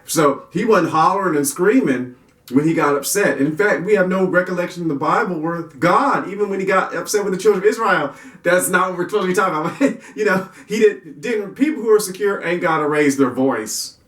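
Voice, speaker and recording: A man's voice: sits high, fairly quick, fairly bright tone. A man giving a casual, folksy Christian parenting talk who often repeats himself and restarts his sentences. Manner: folksy, repetitive, restarts and chuckles. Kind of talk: casual faith-based talk. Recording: roomy echo, distant mic.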